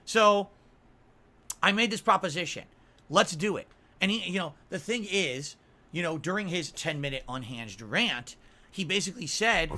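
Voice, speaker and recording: A man's voice: high voice, lively intonation, normal speed, pushed and bright. A man streaming, talking in an insistent, self-promoting way in a played clip. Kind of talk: casual stream talk.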